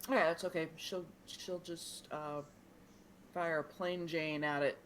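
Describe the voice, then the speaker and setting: A woman's voice: low voice, steady tone, slow pace, a little hiss or hum. Hesitant woman narrating her tabletop character. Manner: hesitant, lots of ums. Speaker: player.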